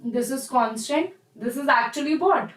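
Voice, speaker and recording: This young woman, who has an Indian English accent, speaks in a high voice at normal speed while teaching a live online chemistry class. Chatty and encouraging, she refers to her students as "bacha"; the recording is low quality with a roomy sound.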